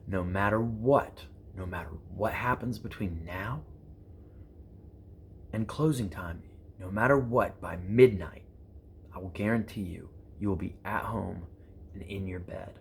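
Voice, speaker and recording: Speaking a little slowly in a deep, creaky voice over slight background noise, a thirty-something prepper vlogger shares motivational stories with his audience. He acts out the characters' quoted exchanges, swears freely, and repeats lines for emphasis with plenty of energy.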